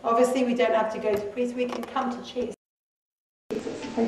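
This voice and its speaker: A woman preaching to a church, talking conversationally and softly acting out short prayers. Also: fairly high pitch, flat delivery, fairly quick, slight background noise. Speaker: guest speaker. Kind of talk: sermon. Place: church hall. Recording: echoey hall from far off.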